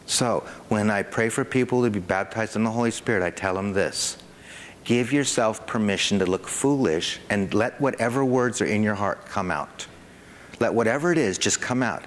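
A man preaching a sermon to a congregation, animated, with a rising pitch whenever he acts out an excited parent. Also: moderate pace, slight background noise. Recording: long hall reverb.

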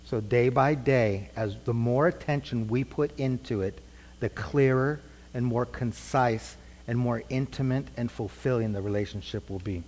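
A man's voice: medium pitch, moderate pace, a little mellow, slight background noise. Middle-aged man preaching in a reverberant hall. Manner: asks the group questions and repeats answers. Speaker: preacher teaching a class. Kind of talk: conversational Bible teaching.

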